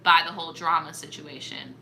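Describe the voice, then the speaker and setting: Bright-voiced young woman giving blunt advice. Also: sits low, a little fast, creaky, slight background noise. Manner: blunt, profane, animated reactions. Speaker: storytime advice host. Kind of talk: casual storytime chat.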